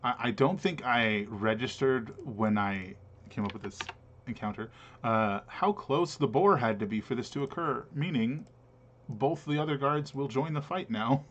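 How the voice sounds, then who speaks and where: A man running an online tabletop game as game master, pausing often with fillers as he explains the rules. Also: mid-range voice, dull audio. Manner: hesitant, many filler pauses while explaining rules.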